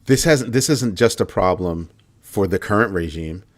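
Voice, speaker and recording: A man's voice: low-pitched, lively intonation, normal speed. A man hosting a livestream commentary, talking emphatically, repeating key phrases for effect and answering viewer comments as he goes. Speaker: show host.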